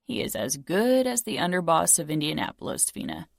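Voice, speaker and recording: A woman's voice: deep voice, big pitch swings, brisk, gravelly, dry recording, clean studio sound, heavily acted. A woman voicing a stern, protective young man, speaking in a clipped, grim way.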